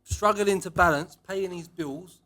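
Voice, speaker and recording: A man co-hosting a casual podcast chat, telling lively stories and acting out what people said. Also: sits high, measured pace. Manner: animated storytelling, acting out quotes with laughs. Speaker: podcast co-host.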